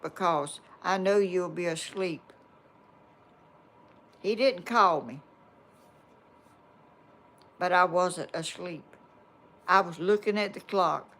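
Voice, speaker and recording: A woman's voice: fairly low pitch, a bit bright. An older woman, telling a rambling personal story to her viewers in a homespun, meandering way. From Georgia, US. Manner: homespun, meandering, reads viewer comments aloud. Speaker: vlogger.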